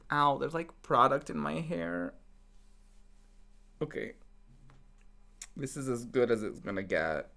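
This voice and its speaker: A man's voice: medium pitch, animated, takes it slowly, vocal fry, pauses often, bright, forceful tone. A male game streamer chatting casually and playfully with his viewers, teasing them and laughing often.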